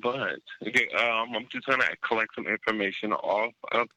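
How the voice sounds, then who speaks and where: A man's voice: on the low side, steady tone, moderate pace, sharp tone, no room sound, poor audio. A man working as a customer service agent, answering a call patiently and politely. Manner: patient, polite, slightly confused. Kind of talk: phone support call.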